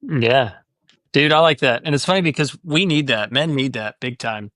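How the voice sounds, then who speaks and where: Dry-voiced man telling a lively story. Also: medium pitch, moderate pace, no room sound. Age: adult, divorced four years ago. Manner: animated storyteller, acts out quoted voices. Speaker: podcast host. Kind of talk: casual podcast chat.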